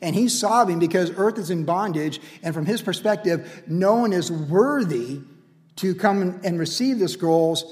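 A male pastor with a notably high voice delivers a lively, casual sermon. He leans on repeated refrains and builds energy as he goes. The sound carries a long, church-like reverb. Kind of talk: radio sermon.

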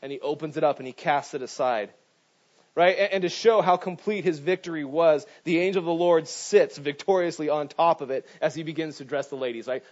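Pastor, male, middle-aged, animated sermon delivery, slightly high voice, dull lo-fi recording. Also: fairly quick. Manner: animated storytelling with frequent "right?" asides. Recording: dull lo-fi sound.

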